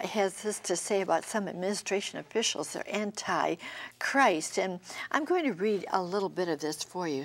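An older woman co-hosting a religious television show, earnestly reading news items aloud with emphasis. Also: medium pitch. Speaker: co-host. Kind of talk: television commentary and reading headlines.

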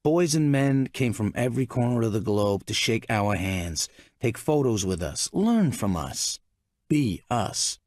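A male audiobook narrator reads in a measured, expressive way. His pitch rises and falls a great deal. The recording is dry and close, with no room sound. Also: no room sound. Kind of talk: scripted narration.

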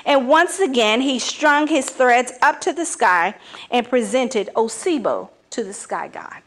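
A woman reading a folk tale aloud, with expressive, dramatic storytelling. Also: on the high side, measured pace.

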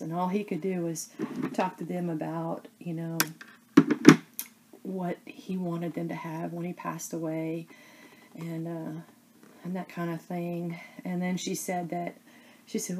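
A woman talks casually to her viewers, her voice low and dark-toned. She rambles and stops halfway through her thoughts, using lots of fillers. A faint hiss sits under the recording. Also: little pitch movement, gravelly. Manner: rambling, halting, many fillers. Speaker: crafting vlogger. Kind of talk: casual chat to camera.

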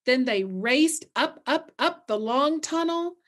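A woman's voice: high-pitched, expressive, slow pace, fairly bright tone. A middle-aged woman who coordinates literacy work, reading a picture book aloud with questions for listeners and then giving parents tips.

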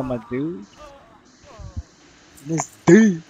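A man's voice: high-pitched, lively intonation, a little slow, long pauses, darkish tone, slight background noise, rough recording. A young man giving crude, rambling let's play commentary, swearing constantly and muttering at the enemies he fights. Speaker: gamer playing solo.

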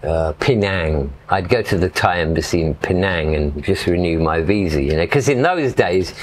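A man's voice: deep voice, lively intonation, normal speed, slight background noise. A middle-aged man from England telling stories in a casual, rambling way as an interview guest, dropping "you know" often. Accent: English. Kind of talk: casual storytelling.

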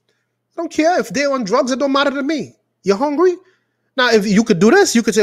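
A man's voice: very high-pitched, expressive, fairly quick. A man preaching as a pastor, praying and exhorting his listeners in a fervent voice that rises and falls, stretching words for emphasis. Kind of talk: preaching prayer and sermon.

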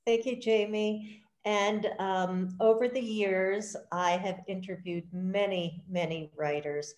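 A woman's voice: medium pitch, fairly even intonation, slow pace, darkish tone, echoey room. A woman interviewing an author at a bookstore event, enthusiastic and admiring.

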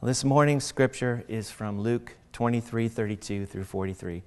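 A male pastor giving a sermon, reading scripture aloud and then preaching with animated, acted-out voices. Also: mid-range voice, moderate pace, big-room sound. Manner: animated, acts out mocking voices.

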